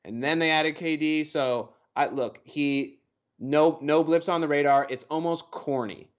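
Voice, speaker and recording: A man's voice: a little high, unhurried, lo-fi sound. A man co-hosting a podcast as its producer, talking in an easygoing way with joking asides. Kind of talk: casual podcast chat.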